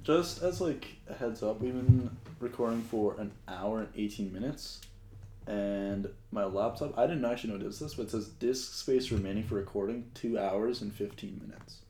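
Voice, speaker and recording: A man's voice: on the low side, normal speed, warm tone, echoey room, slight background noise. A young man hosting a casual podcast with friends, telling rambling anecdotes and laughing through them, recorded on one shared mic at home. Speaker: podcast host. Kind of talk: casual chat. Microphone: single shared mic on a laptop.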